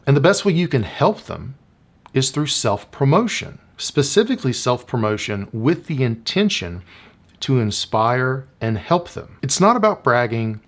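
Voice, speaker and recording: Animated Appalachian-accented man. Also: mid-range voice. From rural Appalachia. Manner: animated, acts out quoted lines. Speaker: psychologist. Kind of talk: scripted explainer video.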